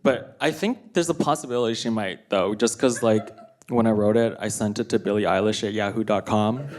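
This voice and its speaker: A man's voice: on the low side, fairly quick, darkish tone, a little hiss or hum. Offhand man doing musical stand-up. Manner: offhand, rambling delivery with fillers. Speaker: stand-up comedian. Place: comedy stage with live audience. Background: guitar.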